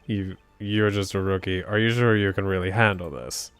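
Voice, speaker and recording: A halting, fussy old judge, read by a man. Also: low-pitched, fairly even intonation, clear, resonant tone, faint music behind, voice pushed down. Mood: hesitant. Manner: reading game dialogue aloud, halting. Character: older male judge, hesitant and fussy.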